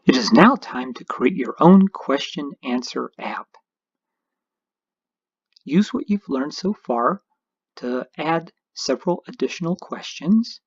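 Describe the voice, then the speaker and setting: A man's voice: a little high, expressive, slow, husky, dry recording, muffled recording. A man narrating a screencast tutorial, explaining each step patiently as an instructor.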